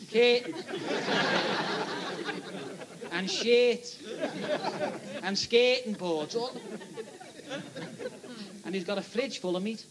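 A stand-up comedian with a Liverpool accent telling a joke, chatty and teasing the audience. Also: male voice, high voice. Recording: live audience laughter and noise.

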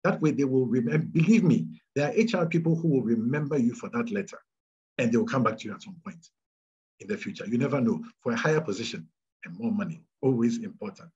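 Ghanaian man, emphatic adviser, lively pitch, dull low-fi sound. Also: fast talker, slightly rough. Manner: animated, emphatic, repeats key advice. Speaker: speaker answering audience questions. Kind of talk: career advice talk.

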